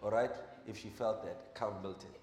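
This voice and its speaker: A man preaching as a pastor. He quizzes the congregation with short questions, then gives quiet instructions during a live demonstration. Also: on the low side, fairly even intonation, normal speed. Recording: echoey hall with music behind.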